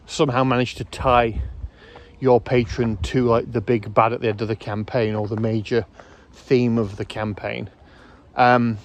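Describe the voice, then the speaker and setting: A man hosting his own video channel, giving rambling, casual commentary outdoors, correcting himself often and filling pauses with ums. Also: medium pitch, a little mellow. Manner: rambling, self-correcting, hesitant fillers. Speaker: YouTube host.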